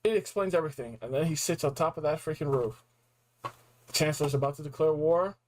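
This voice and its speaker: A young man with a fairly high voice recaps a video game story. He is excited and casual, with lots of slang and acted-out reactions. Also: a little fast, slight background noise, rough recording. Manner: animated, slangy, acts out reactions. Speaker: game reviewer.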